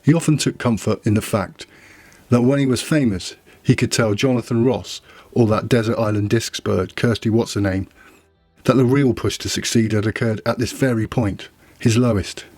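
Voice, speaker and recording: A man's voice: lowish voice, moderate pace, a little mellow, no room sound, faint music behind. A man narrating a novella trailer with dry, wry storytelling. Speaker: audiobook narrator. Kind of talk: scripted narration.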